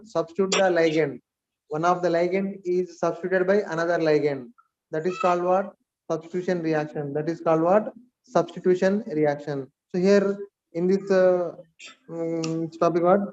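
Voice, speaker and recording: A man's voice: high-pitched, darkish tone. A man with an Indian English accent giving a live chemistry lecture, repeating key phrases and asking and answering his own questions. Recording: dull lo-fi stream audio.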